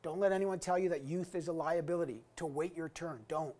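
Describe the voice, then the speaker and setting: A man in his fifties gives an earnest, emphatic commencement address as an alumni guest speaker, captured in a recording. His voice is on the high side with a darkish tone, and he speaks briskly.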